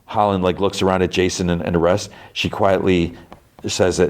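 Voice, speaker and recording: A man's voice: low voice, little pitch movement, a little fast. A man hosting a podcast, casually recapping an episode in a rambling way with lots of fillers and short acted-out lines. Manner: rambling with many fillers, briefly acting out characters' lines in a raised voice. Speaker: podcast host.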